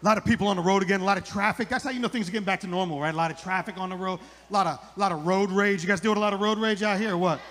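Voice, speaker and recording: A man's voice: sits high, steady tone, very fast, few pauses, a bit bright. A middle-aged man doing a rambling stand-up comedy set on a club stage, repeating his lines for the punch.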